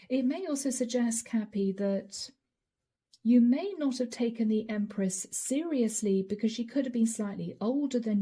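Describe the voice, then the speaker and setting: A hoarse woman giving a channeled tarot reading, musing aloud and speaking straight to viewers by star-sign nickname. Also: medium pitch, mellow. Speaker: tarot reader.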